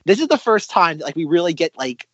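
A man's voice: a little high, fast talker, breathy edge, no echo, muffled recording. Man chatting about a film. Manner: animated, retells scenes with voices. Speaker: podcast co-host. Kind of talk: casual film discussion.

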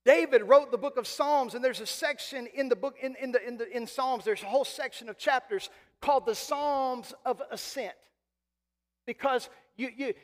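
A male pastor preaching a sermon. He is emphatic, slows right down to stretch key phrases, and then drops to a quieter, conversational tone. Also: very high-pitched. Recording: long reverb of a large hall.

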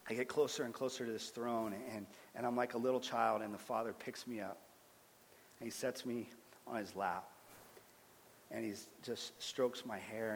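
Earnest guy in his 30s preaching his testimony, gets loud then goes real quiet, long echo off a big church hall. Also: lowish voice, a little hiss or hum. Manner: earnest, swings from loud to hushed. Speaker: guest speaker sharing testimony. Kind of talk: sermon-style personal testimony.

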